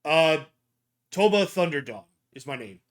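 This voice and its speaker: A man with a high, very lively voice plays his character at a tabletop game. He speaks earnestly in character and also narrates what his hero does. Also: measured pace. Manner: earnest, talks in character and narrates own actions. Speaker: player.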